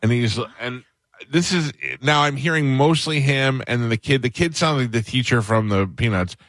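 A man hosting a talk radio show, telling a funny story and mimicking loud people in a raised voice. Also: moderate pace, no room sound. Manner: animated, acts out other people's shouting in a higher voice.

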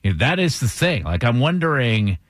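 A man's voice: medium pitch, fairly quick, no room sound. A man in his thirties hosting a casual radio chat, telling stories with a laugh at the studio mic. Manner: animated storyteller, laughs often. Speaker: radio show host.

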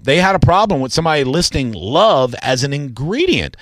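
A man's voice: fairly high pitch, sing-song, a little fast, a bit bright, dry recording, clean studio sound. A man hosting a radio show, bantering and reading odd news stories in a loose, teasing way. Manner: joking, teasing, reads news items loosely. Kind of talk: casual morning radio banter.

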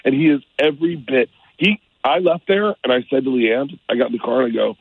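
A man calling in as a guest on a radio show, talking excitedly with stumbling restarts. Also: mid-range voice, a little fast, few pauses, husky, no echo. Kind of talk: casual phone interview. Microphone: phone line. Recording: tinny phone line.

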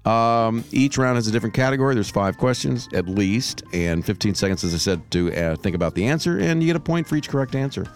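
Lively, playful man hosting a trivia podcast. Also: mid-range voice, fast talker, few pauses, faint music behind. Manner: playful, teasing, laughs often. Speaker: podcast co-host and trivia quizmaster. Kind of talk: casual radio podcast chat.

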